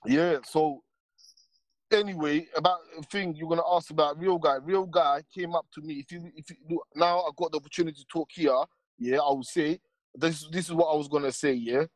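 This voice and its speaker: A man's voice: a little high, fairly even intonation, fairly quick, dry recording. A man ranting casually on a stream panel, rambling and full of street slang and repeated tags. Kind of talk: casual heated rant.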